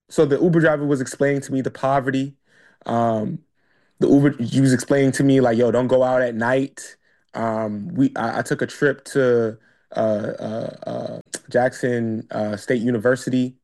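A man's voice: medium pitch, a little mellow. A man talking in a casual monologue. He hesitates with many fillers and then builds to emphatic, repeated questions. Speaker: speaker.

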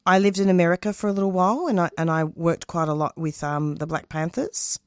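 Intense low-voiced woman. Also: fairly even intonation, brisk, dry recording, studio quality. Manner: intense, emphatic, openly emotional. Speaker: radio producer and host, interview guest. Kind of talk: candid interview answers.

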